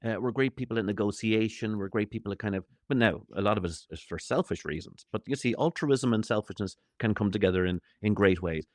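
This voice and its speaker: Irish male comic, middle-aged, rapid patter, lowish voice, jokey tangents. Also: no echo, studio quality. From Ireland. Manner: jokey, rambling, playful asides; acts out quoted voices. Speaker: comedian guest. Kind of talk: animated interview chat.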